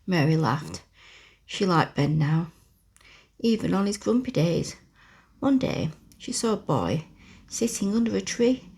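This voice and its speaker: In a breathy, husky whisper, a woman reads a bedtime story as ASMR role-play, slowly and softly, lingering unhurriedly over every phrase near the mic. Her voice sits low with a gravelly fry, and her intonation is lively.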